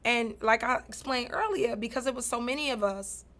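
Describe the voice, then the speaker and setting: A woman's voice: fairly high pitch, a little fast. A woman, telling stories as a guest in a casual interview. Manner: animated, swings from quiet to loud, laughs while telling.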